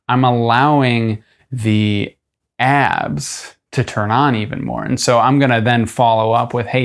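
A young adult man, a strength coach, explaining a training idea in a loose, conversational way, with fillers and self-corrections. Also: mid-range voice. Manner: demonstrates push-ups while talking. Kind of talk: casual instructional talk to camera.

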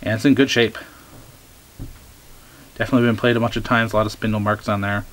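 A man chatting casually as he shows off his record finds, relaxed and eager, with many ums. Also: on the low side, fast talker, slight background noise. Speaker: record collector showing finds. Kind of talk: casual show-and-tell vlog.

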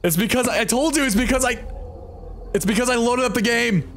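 A man's voice: extremely high pitch, a little fast, fairly bright tone. A young man streaming a game live from home, talking to his chat in a flustered, swearing way. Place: home room with computer.

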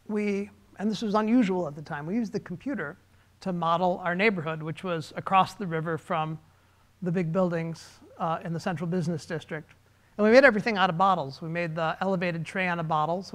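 A man, a designer, giving a relaxed, conversational presentation with slides, pausing with fillers. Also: a little high.

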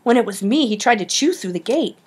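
A woman's voice: a little high, animated, fairly quick, a little mellow, slightly rough, voice pushed up. A woman reading an audiobook, voicing a scheming, persuasive schoolboy. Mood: eager. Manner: eager and persuasive.

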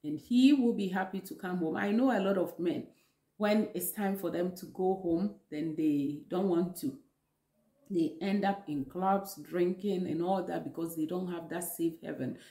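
A woman with a Ghanaian English accent and a lowish, warm voice films herself in her home kitchen, offering earnest, preachy relationship advice to the camera. She repeats phrases for emphasis, and the recording sounds roomy.

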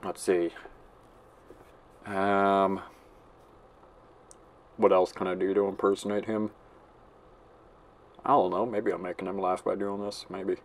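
A man's voice: low-pitched, little pitch movement, slow pace, long pauses. A man giving casual gameplay commentary, rambling and giggling as he mocks himself. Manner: rambling, giggly, self-mocking.

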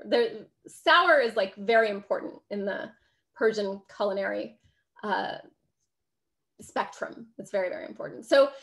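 A woman's voice: a little high, fairly bright tone. A woman giving a public book talk, conversational and emphatic, often checking in with "right?" and laughing easily.

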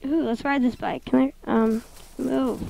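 Excitable high-voiced woman playing games. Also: a little slow, gravelly, dry recording, low-quality recording. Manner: excitable, giggly, talks to the game. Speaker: gameplay commentator. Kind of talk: casual gameplay commentary.

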